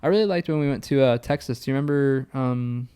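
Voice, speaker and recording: A man's voice: mid-range voice, fast, mellow, smooth. A young adult man chatting casually on a podcast, laid-back and hesitant, filling his talk with "like". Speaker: podcast co-host, pro player.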